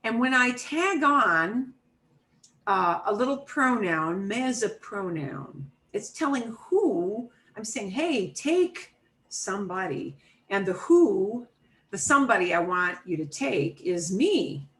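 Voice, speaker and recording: A woman's voice: mid-range voice, big pitch swings, slow pace, a bit bright, rough recording. A middle-aged woman teaching an online Spanish class, explaining grammar patiently step by step with everyday examples over a video call.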